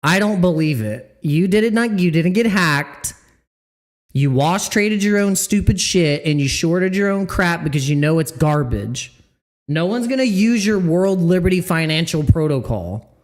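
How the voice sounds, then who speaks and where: Male crypto vlogger, from Mississippi, lively swooping pitch, sarcastic casual rant. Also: unhurried. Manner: animated, sarcastic, swearing. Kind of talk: casual ranting commentary.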